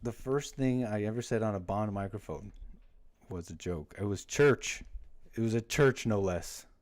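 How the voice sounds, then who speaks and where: A man's voice: lowish voice, moderate pace, darkish tone. A man hosting a livestream, chatting casually and rambling, often breaking off his own stories with jokes. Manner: rambling, self-interrupting, jokey. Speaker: livestream host.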